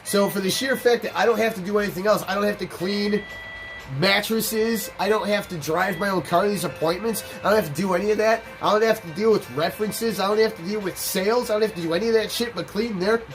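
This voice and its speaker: A man's voice: sits high, brisk, over music. A man hosting a let's play, telling a personal story and cursing freely as he plays. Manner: candid, profane, animated. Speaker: gaming channel host.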